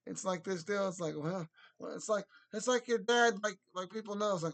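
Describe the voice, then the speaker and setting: Rambling man with a higher voice. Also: brisk. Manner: rambling, restarts, mocking impressions in loud bursts. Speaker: commentator. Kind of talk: rambling solo commentary.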